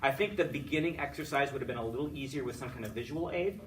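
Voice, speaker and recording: A man's voice: medium pitch, fast, distant mic, a crowd in the background. A man giving a student chatty, upbeat feedback after a choral conducting lesson, with lots of fillers and restarts. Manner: sings solfege and chants rhythm words to demonstrate.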